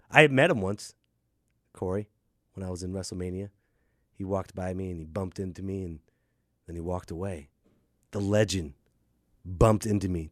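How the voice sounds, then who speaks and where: A man hosting a solo podcast, ranting in an animated, jokey way. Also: deep voice, no echo, clean studio sound. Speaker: podcast host. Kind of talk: casual solo podcast rant.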